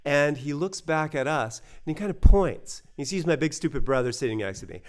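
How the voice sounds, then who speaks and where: A man from the United States telling a personal story in a casual, animated way, acting out the voices he quotes. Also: on the high side, fairly quick, clear, resonant tone. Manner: animated, acts out quoted voices, many fillers.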